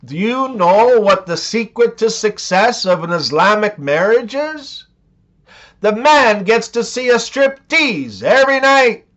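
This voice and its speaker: A man telling scripted jokes in a deadpan way, leaning into the punchlines, on a dull lo-fi recording. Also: high voice, measured pace. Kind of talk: scripted joke narration.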